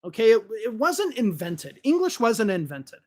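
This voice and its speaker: A man's voice: very high voice, wildly swooping pitch, moderate pace, darkish tone. A man who teaches English, giving blunt, critical opinions in casual commentary to camera. He swears now and then and often repeats words as he restarts his sentences. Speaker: English teacher and channel host.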